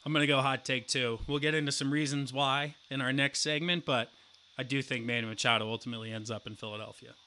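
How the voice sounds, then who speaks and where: A young man in his twenties co-hosting a casual sports podcast, telling a profane story and acting out the quotes loudly. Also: medium pitch, fairly even intonation, fast talker, slight background noise. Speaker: podcast co-host.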